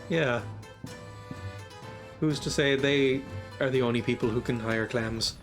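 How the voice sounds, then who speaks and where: A man's voice: medium pitch, steady tone, a little slow, faint music behind. A man streaming a strategy game, casually thinking aloud in a rambling way and chuckling often. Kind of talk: casual gameplay commentary.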